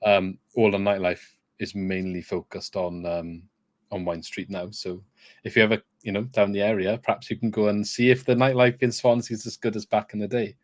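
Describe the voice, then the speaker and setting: Low-voiced young podcast host. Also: male voice, little pitch movement, normal speed, dry recording, clean studio sound. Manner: laughs easily, encouraging follow-up questions. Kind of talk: casual interview chat.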